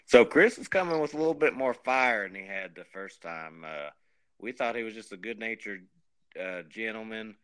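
A man's voice: on the low side, expressive, normal speed, a bit bright, clean tone, no echo. A man hosting a casual podcast, easygoing and laid-back, with frequent uh fillers as he talks. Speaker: podcast host.

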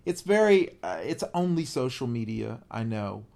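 A man's voice: medium pitch, sing-song, normal speed, creaky, mellow. A man co-hosting a podcast, talking casually and earnestly, his voice climbing when he is moved. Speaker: podcast co-host. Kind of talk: casual conversation.

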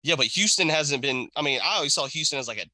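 Bright-voiced man in casual sports chat. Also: on the high side, animated, fast, no echo. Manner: loose, profane, thinks aloud. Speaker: podcast co-host.

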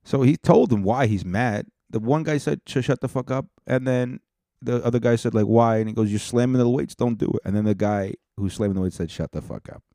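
A man's voice: mid-range voice, a little fast, warm tone, no room sound, clean studio sound. A man hosting a podcast, reacting to viral clips in a casual, profane, laid-back way. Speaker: podcast host.

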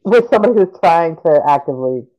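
Lively, animated man chiming in. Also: a little high, rough recording. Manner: quick interjections, agreeing and joking. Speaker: podcast co-host. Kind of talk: casual book discussion.

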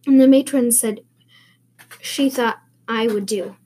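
A woman's voice: fairly high pitch, fairly even intonation, measured pace, warm tone, slight background noise, close to an everyday voice. A woman voicing an eager, talkative eleven-year-old orphan girl who speaks in a dreamy, earnest, wordy way.

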